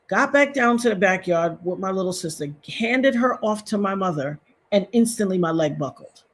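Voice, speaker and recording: A husky, breathy woman in her fifties tells a personal story on her livestream. She speaks to her viewers directly, circles back and repeats herself, and grows emotional as she goes. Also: mid-range voice, animated, moderate pace. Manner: emotional, repetitive, talks straight to viewers. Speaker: livestream host.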